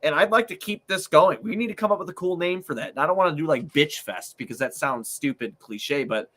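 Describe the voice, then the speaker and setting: A man's voice: a little high, fairly quick, a bit bright. A man hosting a casual sports podcast, ranting angrily and swearing constantly. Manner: profane, angry ranting. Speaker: podcast host.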